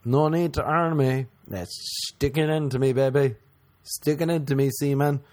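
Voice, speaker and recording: A man's voice: medium pitch, steady tone, moderate pace, a little mellow, slight background noise, pitched above the performer's own voice, lightly acted. A man voicing a crude, lusty queen in a brash, mock-seductive way. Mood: mock-sultry.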